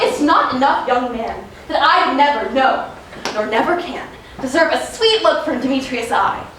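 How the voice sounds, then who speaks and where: A woman playing a spurned young noblewoman pleads in a high, impassioned voice on a theater stage. The sound is heard from far off in an echoey hall, with noise behind it. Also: fairly bright tone. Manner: impassioned stage delivery that swings from pleading to outburst. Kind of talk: live stage acting. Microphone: far camera in the audience.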